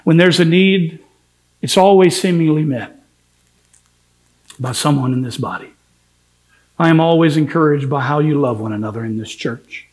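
A man's voice: on the high side, normal speed, pauses often, a little mellow. A man preaching a sermon as pastor, earnest and emphatic, acting out the words of biblical figures in quotes.

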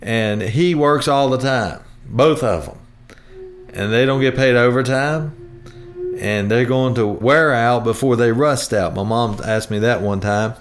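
A man's voice: mid-range voice, measured pace, faint music behind. A man hosting a retirement planning show in a chatty, homespun way, rambling with restarts. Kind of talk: folksy radio talk.

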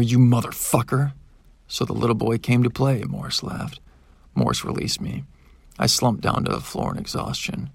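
A man narrating a first-person audiobook with a husky, gravelly voice, acting out the characters and their shouted outbursts. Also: on the low side, no echo.

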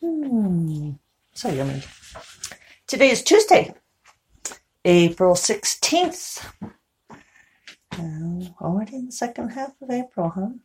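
A woman casually chatting in a morning vlog, talking to her cat in a high coaxing voice. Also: big pitch swings, slow, long pauses, darkish tone, slight background noise. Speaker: vlogger. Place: at home and outdoors. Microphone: clip-on microphone.

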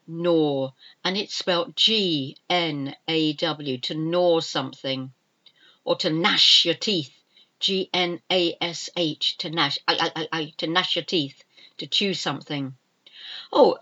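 Slow, careful older woman teacher. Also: deep voice, fairly bright tone. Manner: slow, careful, repeats each word several times. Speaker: English teacher. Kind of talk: spelling lesson, spelling words out letter by letter. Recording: dull lo-fi sound.

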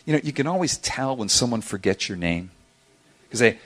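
A man's voice: medium pitch, moderate pace. A middle-aged man preaching a sermon as a pastor, telling stories with playful asides. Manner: animated storytelling with playful asides.

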